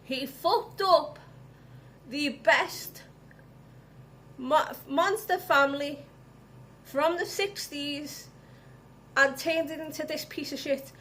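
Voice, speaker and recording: A woman's voice: high-pitched, slow pace, pauses often, bright, forceful tone, slight background noise. A woman vlogging, ranting angrily with heavy swearing. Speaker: vlogger reviewing films. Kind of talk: casual ranting vlog.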